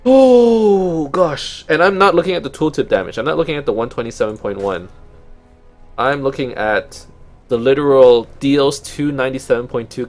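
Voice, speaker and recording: Playing a game and thinking out loud, this young let's play host speaks with a Canadian accent in casual commentary. His voice is medium-pitched with a darkish tone.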